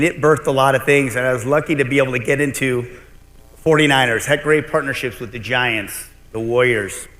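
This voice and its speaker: A middle-aged man giving a conference keynote, telling stories with animated delivery and joking with the crowd. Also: medium pitch. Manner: storytelling, animated, jokes with the crowd. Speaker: keynote speaker. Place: large convention hall. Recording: long reverb of a big hall.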